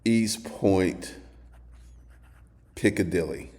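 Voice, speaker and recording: A man telling a crude personal story in a casual monologue, animated and acting out quotes as he goes. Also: sits low, extremely slow, in a large hall. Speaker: host.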